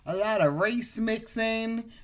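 A middle-aged woman chatting casually as a podcast co-host, playful, throwing in quick asides. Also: a little high, crowd noise. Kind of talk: casual chat.

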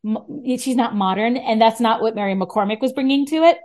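A woman talking as a podcast guest in casual chat, animated, with frequent restarts. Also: a little high, a little fast.

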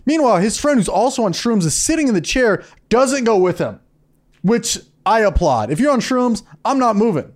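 A man with a high voice talks on a casual podcast, and his pitch swings widely all over the place. His stories are crude and animated, and he acts out the people in them as he tells them. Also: normal speed. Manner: animated, crude storytelling with acted-out quotes. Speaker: podcast co-host.

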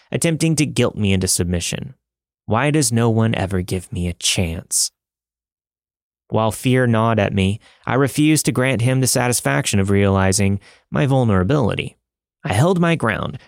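A man narrating a listener's scary story in a dramatic, measured way, recorded close to a studio mic. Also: mid-range voice, dry recording. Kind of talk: scripted narration of listener stories.

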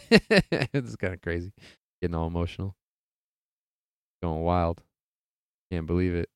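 Young man, podcast host, casual rambling sports chat, low voice, smooth clear tone. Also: lively intonation, a little slow, no room sound. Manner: laid-back, rambling, heavy swearing and laughter.

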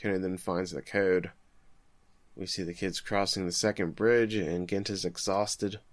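A man in his thirties chats through a podcast recap, his lowish voice jumping up whenever he acts out a quote. The sound is dry and close. He talks casually and keeps the story rolling. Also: no room sound. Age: 30s. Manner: animated storytelling with quick acted-out quotes. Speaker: podcast co-host.

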